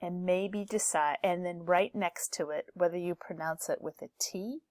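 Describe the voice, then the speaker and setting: A woman teaching a pronunciation lesson, speaking slowly and deliberately and saying each example word twice so learners can copy it. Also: on the low side, a little mellow, no room sound, studio quality. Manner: slow, deliberate, repeats each word twice to model sounds. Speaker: English teacher.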